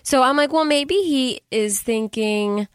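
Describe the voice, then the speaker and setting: A woman's voice: high-pitched, a little slow, clear, resonant tone, no room sound, studio quality. A woman recapping a movie in casual chat, retelling scenes and quoting the characters as she goes. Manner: chatty, retells scenes with quoted voices. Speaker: podcast co-host.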